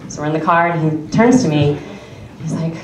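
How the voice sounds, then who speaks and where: Laughing through her lines, a young adult woman performs a chatty stand-up story at a comedy club, her low-pitched voice brisk and a little mellow. The recording catches the echoey club from a distance, along with the crowd and slight background noise.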